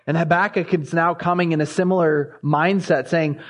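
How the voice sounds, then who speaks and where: Guy preaching a sermon, fairly high voice, gets fired up reading scripture. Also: normal speed, hardly any pauses. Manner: impassioned, rising when reading scripture aloud.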